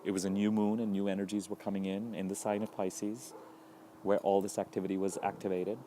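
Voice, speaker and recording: Low mellow-voiced man talking astrology. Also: level tone, a little hiss or hum. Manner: thoughtful, unhurried, lists ideas in repeated phrases. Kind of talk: solo astrology update talk.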